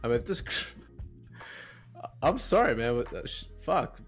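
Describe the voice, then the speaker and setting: Blunt swearing podcast host. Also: male voice, mid-range voice, sing-song, takes it slowly, faint music behind. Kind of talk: casual podcast chat.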